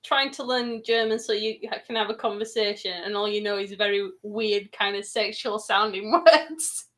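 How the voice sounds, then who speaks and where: A woman's voice: mid-range voice, steady tone. A woman co-hosting a casual livestream, teasing the host and giggling often. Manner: giggly, teasing, slow-spoken.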